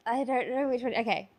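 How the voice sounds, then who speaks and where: A woman's voice: fairly high pitch, a little mellow. A young woman in her twenties with an Australian accent, co-hosting a casual podcast and laughing often. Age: 20s. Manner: giggly, quick to laugh. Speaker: podcast co-host. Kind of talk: casual chat.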